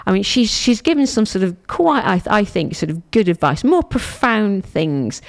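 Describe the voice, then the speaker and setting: A middle-aged woman talking into a studio microphone as a radio host. Her voice carries a gravelly fry. Her pitch swings widely, and her chat rambles, repeating phrases and circling back on itself. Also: sing-song, moderate pace, few pauses. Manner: chatty, rambling, repeats herself and restarts often.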